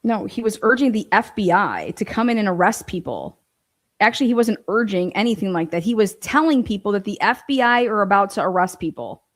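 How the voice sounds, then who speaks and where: Woman commentator, indignant and profane, mid-pitched, rebuts the documents she reads aloud. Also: animated, a little fast. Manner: mocks others in quoted voices; reads court filings aloud and rebuts them. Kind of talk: ranting commentary on a court case.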